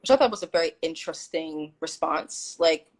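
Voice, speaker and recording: A woman's voice: deep voice, brisk, low-quality recording. A woman guest telling a story in casual chat on a video call, acting out what people said. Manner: animated, acts out quoted dialogue.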